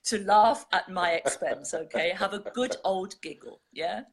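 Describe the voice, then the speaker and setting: A woman's voice: medium pitch, measured pace, gravelly, husky. A British woman co-hosting a live poetry show, chatty and self-mocking, talking into a handheld phone. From Britain. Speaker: co-host reading poetry. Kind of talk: casual chat on a live show. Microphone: phone held in hand.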